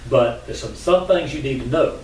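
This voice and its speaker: Guy doing a sneaky trickster rabbit, sweet-talking and sly, voice pitched up, real echoey and far from the mic. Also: expressive, moderate pace, lightly acted. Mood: bossy. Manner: coaxing, wheedling, raised pitch. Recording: echoey room from far off, faint noise.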